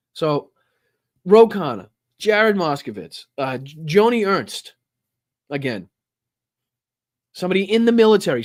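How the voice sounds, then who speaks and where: A fairly high-pitched man hosts a political livestream, ranting angrily and heatedly with constant swearing and stammering restarts. The recording is clean studio sound with no echo.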